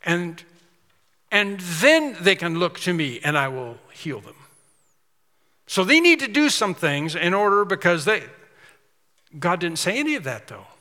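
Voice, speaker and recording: Male preacher, slightly high, bright forceful voice, emphatic sermon delivery with long hall reverb. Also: big pitch swings, a little slow, long pauses. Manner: emphatic, repetitive preaching with rising intensity.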